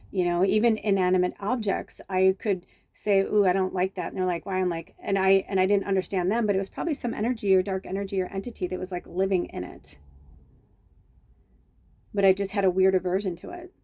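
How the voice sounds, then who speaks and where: A woman's voice: medium pitch, flat delivery, fairly quick, warm tone, no room sound. A middle-aged woman, a medium, telling chatty, rambling stories in a casual spiritual vlog, full of restarts and fillers. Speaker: medium and tarot reader.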